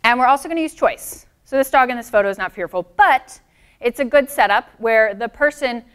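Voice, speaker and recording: A woman's voice: fairly high pitch, brisk, a bit bright, clean tone. A woman dog trainer presenting a live seminar, explaining things in a friendly way and answering comments from the audience.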